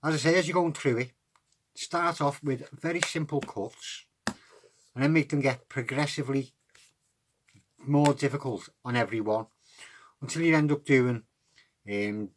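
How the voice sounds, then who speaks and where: A man, talking through a card trick step by step in a relaxed, chatty way. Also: mid-range voice, moderate pace, pauses often, a little hiss or hum. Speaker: card magic tutor.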